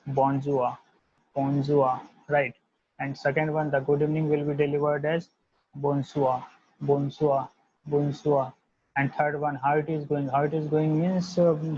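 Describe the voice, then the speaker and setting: A man with a husky, fairly high voice teaches an online language lesson. He repeats each word several times, slowly and deliberately, and his delivery stays flat. The recording is dry and dull, like a lo-fi home setup. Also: no room sound.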